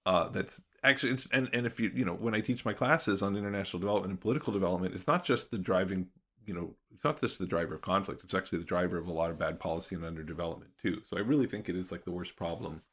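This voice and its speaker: A man with a low, gravelly voice talks through his ideas as an interview guest. He sounds like a professor laying out an argument step by step, thoughtful and explanatory in an easy conversational way. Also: racing, fairly bright tone.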